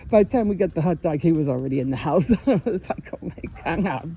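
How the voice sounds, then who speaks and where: A woman's voice: low voice, expressive, fast talker, creaky, dark tone, husky, muffled recording. An older woman chatting casually in a vlog, telling stories with frequent laughs and restarts. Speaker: vlogger. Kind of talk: casual chat.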